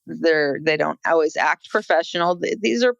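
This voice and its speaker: A woman's voice: sits low, normal speed, vocal fry, no room sound, highs cut off. A woman co-hosting a podcast, talking casually about a court case, with many fillers and restarts. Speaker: podcast co-host.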